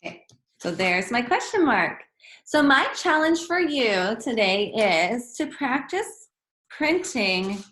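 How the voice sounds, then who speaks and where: A woman's voice: fairly high pitch, a bit bright, slight background noise. Encouraging woman teacher in an echoey room. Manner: patient, encouraging, speaks to young children. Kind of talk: children's lesson.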